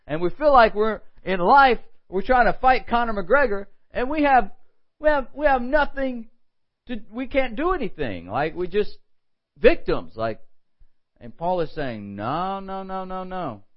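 Animated high-voiced male preacher. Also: unhurried, highs cut off. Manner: animated preaching with quoted asides and rhetorical "right?". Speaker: pastor. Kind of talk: sermon.

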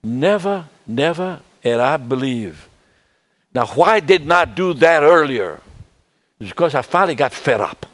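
Older man preaching, halting and soft. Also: a little high, lively intonation. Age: 70s. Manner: halting, repeats words, drops to soft tones. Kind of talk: sermon.

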